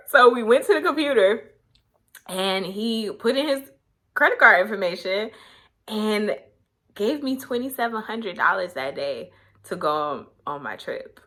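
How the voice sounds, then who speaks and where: A woman's voice: on the high side, expressive, measured pace, pushed and bright. A young woman vlogger telling a personal story in a candid, conversational way, full of fillers and emotion.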